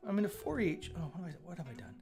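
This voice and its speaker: Rapid-fire and expressive, this man's high voice carries vocal fry as he hosts a coding livestream. He thinks aloud in casual chatter, stammering and repeating himself often, over faint, chill background music.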